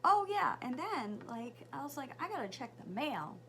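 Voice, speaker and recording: Chatty bright-voiced stay-at-home mom vlogger. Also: female voice, high-pitched, normal speed, a little hiss or hum. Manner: chatty, animated retelling, swearing freely. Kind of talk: casual get-ready-with-me storytelling.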